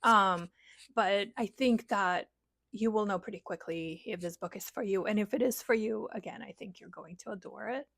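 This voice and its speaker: A woman's voice: medium pitch, moderate pace, vocal fry, a bit bright, no room sound. A woman enthusiastically recommending books in a casual, rambling vlog, gushing about what she loves. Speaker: book reviewer.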